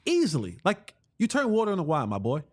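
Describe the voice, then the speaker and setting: A man co-hosting a podcast in casual chat, playful and stammering when excited. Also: fairly high pitch, fast talker, dry recording, clean studio sound. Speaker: podcast co-host.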